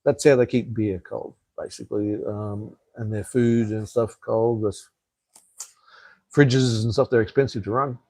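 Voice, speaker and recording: A man's voice: fairly low pitch, fairly even intonation, a little slow, dark tone, no room sound. A middle-aged Australian man who hosts a casual live stream and rambles bluntly, swearing freely and often restarting his sentences.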